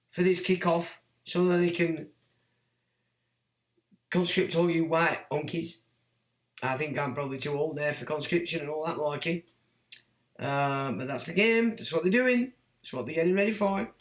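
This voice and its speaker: A middle-aged man holds forth on a casual livestream, reading viewers' comments and mocking them in a blunt, crude way. His voice sits fairly high for a man. The sound is roomy and echoey. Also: normal speed, long pauses. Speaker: livestream host. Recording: echoey room.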